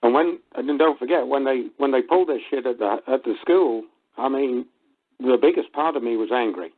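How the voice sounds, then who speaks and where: A man calling in to a radio show, speaking haltingly and restarting his sentences often. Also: mid-range voice, breathy edge. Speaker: caller. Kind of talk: call-in radio talk. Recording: tinny telephone line.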